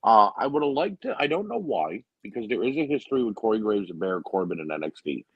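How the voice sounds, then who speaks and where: A man's voice: fairly low pitch, sing-song, fast, slightly rough, dry recording. Opinionated man on a dull dry mic. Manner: opinionated, frequent "you know what I mean". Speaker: podcast co-host. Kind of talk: casual wrestling recap.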